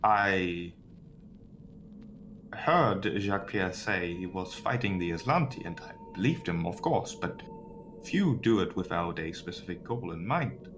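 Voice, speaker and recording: A man voicing a calculating woman prisoner who speaks in a measured, cautious way. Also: sits low, lively intonation, noisy background. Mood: guarded. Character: guarded calculating woman captive.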